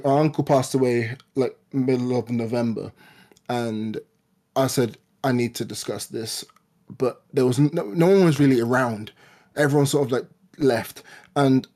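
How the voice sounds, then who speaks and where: Male podcast co-host, twenties, mid pitch, casual and halting, lots of stammered restarts. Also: a little mellow. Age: 20s. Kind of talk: casual personal chat.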